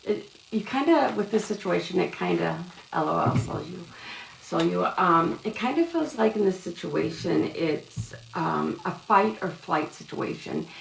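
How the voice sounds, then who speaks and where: A tarot reader hosts a casual live stream, rambling and calling her viewers "love" and "sweetheart." Her voice is fairly low, animated and gravelly, at a measured pace. The room is echoey with faint background noise.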